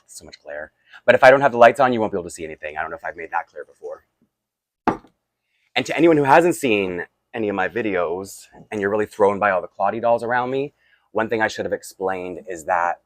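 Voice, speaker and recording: A man's voice: sits low, no room sound. A tired, groggy man, chatting casually and rambling with asides while unboxing toys for his vlog. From Canada. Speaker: toy collector vlogger.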